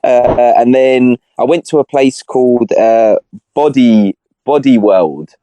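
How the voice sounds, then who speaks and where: A man's voice: mid-range voice, takes it slowly, dark tone, clear, resonant tone, dry recording. A young man on a podcast, chatting casually in rambling slang with lots of restarts. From Britain. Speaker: podcast co-host. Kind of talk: casual chat.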